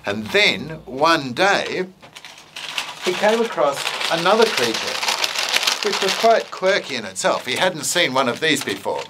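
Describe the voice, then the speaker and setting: A man's voice: on the high side, big pitch swings, measured pace, very noisy. A male educator giving an informal talk on using puppets in teaching, playful and full of fillers and hesitations, then telling a simple story.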